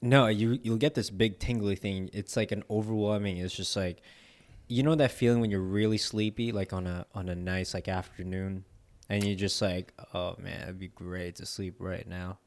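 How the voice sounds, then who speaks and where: A man with a fairly low voice chats loosely while eating. English is not his first language, and he rambles with slang, fillers and frequent laughter. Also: steady tone, normal speed, a little mellow. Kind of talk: casual chat while eating.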